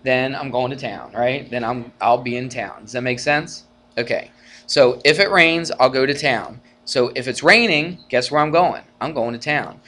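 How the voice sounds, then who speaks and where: Here a man with a medium-pitched voice teaches college algebra at a moderate pace, keeping the lecture casual. Rhetorical questions check in on the students, and he acts out arguments animatedly, his voice climbing as he goes.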